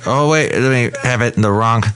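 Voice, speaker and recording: A man's voice: mid-range voice, a little fast, background noise. A man from California hosting a comedic podcast from a café, rambling and correcting himself as he talks. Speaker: podcast host. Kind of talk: casual comedic podcast chat.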